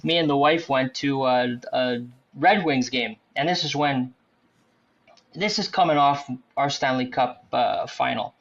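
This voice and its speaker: A man's voice: medium pitch, unhurried, creaky, dull audio. A man, a superfan guest ranting profanely in casual podcast chat. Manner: profane, ranting fan banter.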